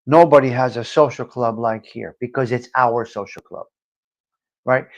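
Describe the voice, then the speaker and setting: A man hosting a live-stream talk show, giving a blunt, profane monologue that swings from low muttering to loud outbursts. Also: fairly even intonation, slow pace, muffled recording. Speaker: livestream talk show host.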